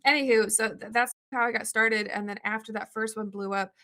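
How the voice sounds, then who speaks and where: A woman guest on a video-call interview, telling stories in an animated, rambling way full of "like" fillers. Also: a little high, fairly quick. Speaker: interview guest, comic artist. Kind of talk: casual storytelling in an interview.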